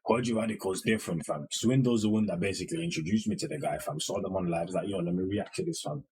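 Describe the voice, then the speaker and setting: A man's voice: on the low side, animated, fast, creaky, darkish tone, slight background noise. A young man, hosting a music reaction video in casual, slang-heavy talk that keeps checking in with the listener. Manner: slang-heavy, keeps asking "you know what I mean".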